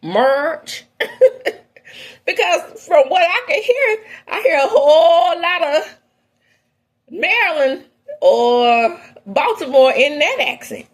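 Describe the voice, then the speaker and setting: A woman hosting an entertainment gossip show, giving her opinions in casual, outspoken commentary that swings from low asides to high exclamations. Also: very animated, takes it slowly, long pauses.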